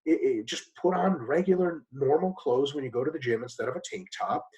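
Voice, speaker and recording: A man's voice: animated, a little mellow, poor audio. A man answering interview questions bluntly and emphatically, swearing casually as he explains. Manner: fast with sudden pitch jumps. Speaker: guest expert.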